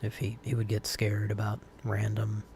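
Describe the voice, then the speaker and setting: A man's voice: on the low side, completely flat delivery, normal speed, gravelly, darkish tone, a little hiss or hum. A man hosting a live call-in stream, chatting casually and rambling with fillers and restarts.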